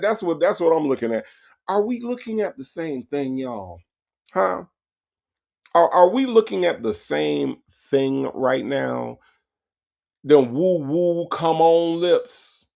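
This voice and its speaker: Hosting a casual livestream, a man reacts with animated, profane commentary, speaking directly to his chat and often repeating himself. His voice is a little high and gravelly.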